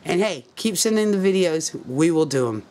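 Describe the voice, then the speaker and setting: A man with a slightly raised pitch delivers a heated, preachy rant straight into the camera. He sounds fed up and keeps pressing his listeners to act. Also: expressive, normal speed, a little mellow. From United States. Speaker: video blogger. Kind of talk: impassioned political rant to camera.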